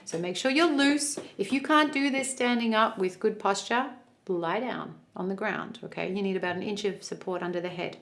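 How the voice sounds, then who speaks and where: A woman's voice: mid-range voice, normal speed, a little hiss or hum. A woman who sings soprano, coaching vocal exercises in an encouraging, easygoing way. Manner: encouraging, loose instructional talk with fillers. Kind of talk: guided vocal exercise lesson.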